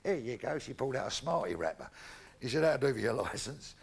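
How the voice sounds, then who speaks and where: A man's voice: mid-range voice, very animated, fairly quick, gravelly, husky. An older man doing stand-up comedy, blunt and full of swearing, acting out the voices in his jokes. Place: theatre stage before a live audience.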